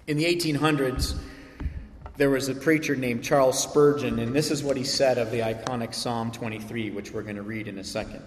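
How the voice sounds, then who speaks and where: A man preaching a sermon as a pastor, reading scripture slowly and speaking to the kids in animated asides. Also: medium pitch, a little hiss or hum. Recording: echoey hall, voice from a distance.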